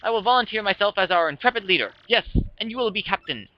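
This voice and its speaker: A man's voice: high-pitched, lively intonation, fast talker, no room sound, pitched above the performer's own voice. A man voicing a vain, flamboyant male merchant captain in a pompous, theatrical manner. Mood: haughty. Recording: dull lo-fi with music.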